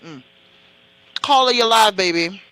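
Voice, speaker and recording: A playful Jamaican woman hosts a live call-in show, chatting with callers and slipping into patois. Her tone is strikingly bright and cutting, at a middle pitch. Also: unhurried, clear, resonant tone, rough recording. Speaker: radio show host.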